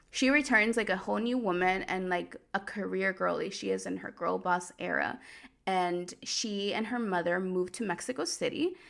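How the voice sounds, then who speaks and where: A woman hosts a casual podcast episode, retelling a telenovela storyline in a loose, chatty way. Her voice has a steady middle pitch with plenty of vocal fry, and she sprinkles in "like" and amused side comments as she talks. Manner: chatty, heavy use of "like", amused asides. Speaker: podcast host. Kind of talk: casual recap of a telenovela plot.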